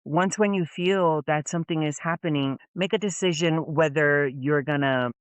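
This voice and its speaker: A woman from American Samoa, a podcast guest, telling her story in an animated, expressive way and acting out the quoted voices. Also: sits low, normal speed, dry recording. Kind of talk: casual storytelling interview.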